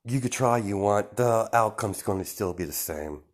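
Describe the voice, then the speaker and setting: A cold, cocky teenage boy hero, which a man plays in his own voice, taunting rivals with flat disdain. The tone stays low and unbothered, like someone sure he will win. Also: normal speed, lightly acted.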